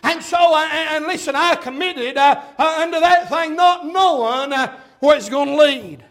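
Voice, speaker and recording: High-voiced fervent preacher, man. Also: normal speed. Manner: fervent preaching with frequent "uh" fillers, sudden shouts. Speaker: pastor. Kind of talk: sermon.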